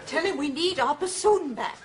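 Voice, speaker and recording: An actress playing a flustered, fussy music teacher who rambles, in a British sitcom. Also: female voice, high voice, animated, moderate pace, heavy background noise. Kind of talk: sitcom acting.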